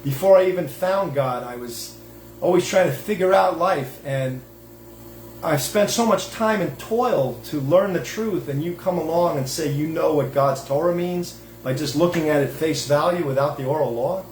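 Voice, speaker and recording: A man giving a rambling religious monologue, emphatic and full of restarts. His voice sits fairly high. The room is echoey, with a faint background hiss. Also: moderate pace, a little mellow. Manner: emphatic, digressive, many restarts and fillers. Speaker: host and self-styled rabbi.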